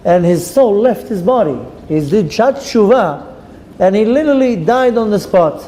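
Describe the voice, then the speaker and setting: A rabbi teaches a Torah class through a story, giving its characters dramatic voices and mixing in Hebrew terms. His voice is high-pitched, animated, and warm at a normal speed, with long reverb and faint ambient noise in the recording.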